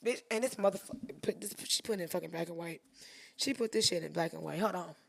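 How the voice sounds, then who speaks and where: A woman photographer commenting live while editing photos, talking to herself, swearing freely, and swinging from loud outbursts to hushed murmurs. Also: on the low side, quick pace, vocal fry. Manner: profane, talks to herself. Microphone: streaming setup mic.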